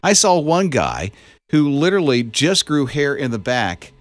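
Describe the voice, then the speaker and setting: A man's voice: on the high side, sing-song, measured pace, dry recording. A man co-hosting a morning radio show, chatting casually and telling stories with an easygoing, joking manner.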